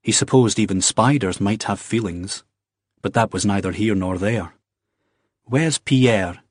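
A male narrator reads the story in a steady, even way. His voice is low and husky, and the recording is dry and close with no room sound. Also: normal speed, no room sound. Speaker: audiobook narrator. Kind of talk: scripted narration.

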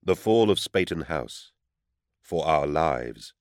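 A man reading a first-person audiobook in a measured, tense narrating manner. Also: a bass voice, animated, no room sound. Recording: dry close studio sound.

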